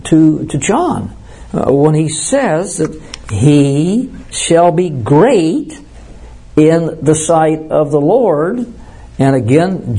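A middle-aged man delivers an expository sermon, working through scripture in an earnest, explaining manner. He often breaks off and restarts his phrases as he thinks aloud. His voice is mellow and dark with a husky edge. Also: fairly high pitch. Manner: earnest, explanatory, with frequent restarts and self-corrections. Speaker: pastor. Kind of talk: sermon, Bible teaching.

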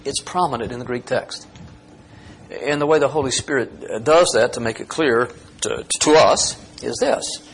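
A man's voice: medium pitch, normal speed, a little hiss or hum. A man teaching verse by verse from a Bible passage, explaining Greek grammar and rising to emphatic peaks.

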